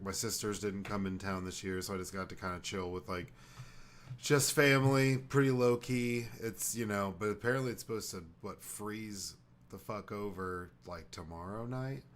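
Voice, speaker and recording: Chill low voiced guy hosting a pod, short easy replies, bit of noise in the back. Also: moderate pace. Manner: laid-back, short reactions and easy remarks. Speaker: podcast host. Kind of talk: casual chat.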